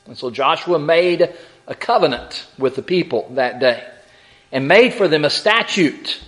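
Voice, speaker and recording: A man preaching a Bible lesson, reading scripture slowly and deliberately, with rhetorical questions and repeated words. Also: high voice. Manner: slow, deliberate scripture reading with dramatic emphasis on quotes. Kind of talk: sermon.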